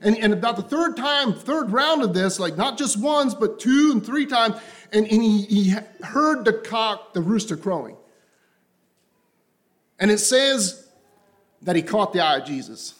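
High-voiced impassioned preacher man. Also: animated, unhurried. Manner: impassioned, repetitive, drops to soft low tones. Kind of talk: sermon.

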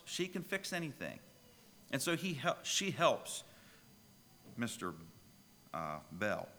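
Lively preaching man in a reverberant hall. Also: mid-range voice. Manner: storytelling preacher, lively and emphatic. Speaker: pastor. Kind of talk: sermon.

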